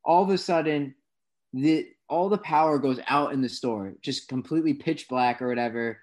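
A man's voice: mid-range voice, normal speed. A young man co-hosting a casual podcast, telling work stories and acting out his own reactions with animation. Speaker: co-host.

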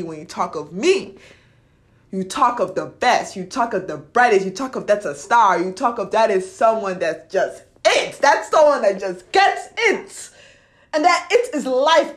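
A young woman vlogging a blunt, profane motivational monologue, swinging between loud ranting and quiet confession. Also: mid-range voice.

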